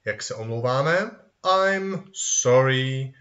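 Lively, slow-talking male English teacher. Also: medium pitch. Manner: animated, sing-song, models phrases and answers himself. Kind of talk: children's language lesson review. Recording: dull lo-fi recording.

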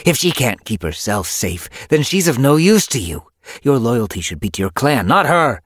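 Brief: a snarling, sneering old she-cat spirit, played by a male reader, husky and raised in pitch, lively swings. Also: moderate pace, dry recording, studio quality. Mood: sneering, scolding. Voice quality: sneering, snarling, later croaking. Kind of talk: audiobook character voice.

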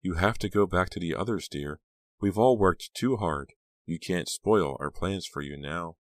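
Man voicing a menacing middle-aged woman, soft and insistent, low voice. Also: moderate pace, no room sound, lightly acted. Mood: coldly calm. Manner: soft, steady, coldly insistent.

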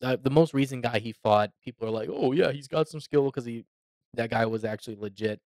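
A man co-hosting a podcast in casual chat, animated and quick to laugh. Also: mid-range voice, no echo. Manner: animated, laughing, mimics people. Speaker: podcast co-host. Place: podcast studio.

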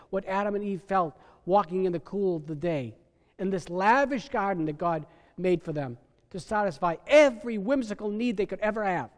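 A middle-aged male pastor preaching a sermon in a church sanctuary, emphatic, swinging between soft and loud. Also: high-pitched, long reverb tail.

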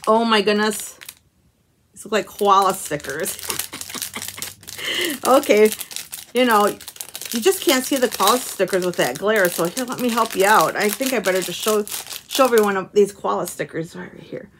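An American woman hosts a craft channel, chatting casually to camera while opening handmade cards and stickers, gushing and exclaiming with little chuckles. Her mid-range, slightly bright voice moves at a moderate pace with frequent pauses, over a little hiss or hum.

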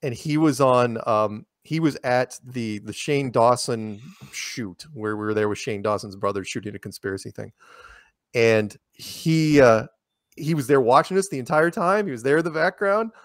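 A man telling stories as an interview guest, animated, laughing often and restarting his sentences. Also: mid-range voice, normal speed, dry recording, clean studio sound. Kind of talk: casual storytelling conversation.

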